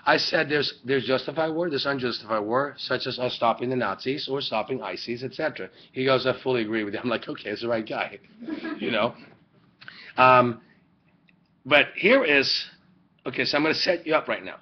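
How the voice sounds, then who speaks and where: A man's voice: medium pitch, normal speed. Rambling male teacher on lo-fi webcam. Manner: rambling, joking, rhetorical questions. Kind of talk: classroom lecture. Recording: dull lo-fi webcam audio.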